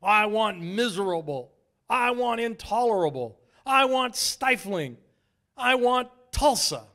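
A man's voice: high voice, animated, slow pace, sharp tone, pitched above the performer's own voice, exaggerated voice. A man voicing Satan as a bellowing, imperious male devil who thunders his demands.

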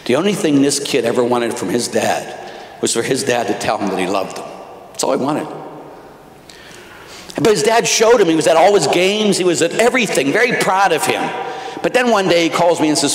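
Priest preaching in an echoey church. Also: male voice, fairly high pitch, big pitch swings, brisk. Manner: exhorting, swings from quiet to loud. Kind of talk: conference talk to men. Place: large church.

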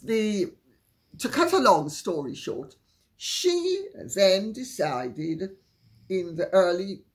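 A woman's voice: mid-range voice, sing-song, takes it slowly. A woman hosting her own channel, telling a gossipy story in a chatty, candid way with frank asides. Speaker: channel host.

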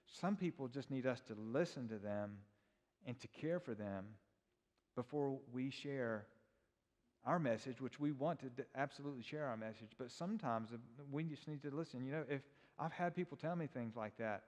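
A man's voice: medium pitch, normal speed, a little mellow. A middle-aged man teaching a church class in a conversational way, telling personal stories and quizzing his listeners. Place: church hall. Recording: long hall reverb.

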